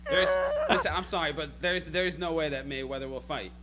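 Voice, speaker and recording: A man's voice: on the high side, fairly quick, a crowd in the background. A man in a casual boxing chat, blunt and dismissive.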